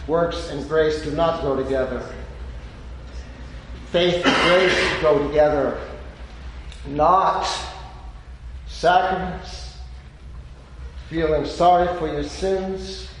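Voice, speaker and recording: A man preaching a sermon in an emphatic, deliberate way with pauses. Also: on the high side, slight background noise. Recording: echoey hall with long reverb.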